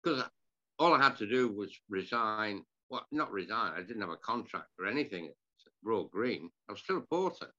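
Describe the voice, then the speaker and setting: A man's voice: lowish voice, sing-song, moderate pace, sharp tone, muffled recording. An older man, telling stories from his broadcasting career in a rambling, self-deprecating way. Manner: rambling, self-deprecating, frequent restarts and throat-clearing. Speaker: interview guest, retired sports broadcaster. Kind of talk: conversational storytelling.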